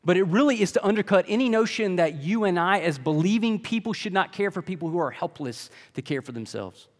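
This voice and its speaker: Man, pastor, conversational sermon, fairly high voice, long hall reverb. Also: expressive, brisk. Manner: conversational preaching with rhetorical questions.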